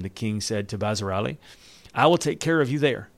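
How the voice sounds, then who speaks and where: A man's voice: fairly low pitch, animated, moderate pace, creaky, no room sound. Dry-voiced man reading scripture aloud. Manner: reads scripture aloud, then retells it loosely in everyday words. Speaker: Bible reader and teacher. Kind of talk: Bible reading with casual commentary.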